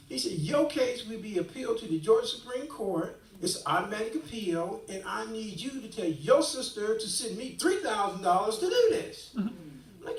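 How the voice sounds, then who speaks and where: A man in his sixties giving a church testimony, an animated storyteller who acts out the dialogue he quotes. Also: high voice, normal speed. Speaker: guest speaker giving testimony. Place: church hall, live stream. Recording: echoey hall, distant mic.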